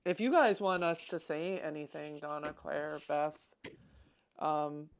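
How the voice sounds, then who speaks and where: A woman hosting a fan livestream in casual chat, chatty and excitable. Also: low voice, a little slow, slight background noise. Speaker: livestream host.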